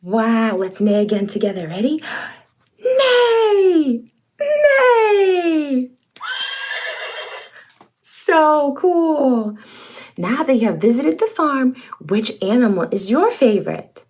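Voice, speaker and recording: A woman's voice: a little high, big pitch swings, measured pace, a little mellow. A woman hosting a toddler learning video, reading aloud in an exaggerated sing-song voice, with gasps, cheers and animal sounds. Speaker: children's educational show host.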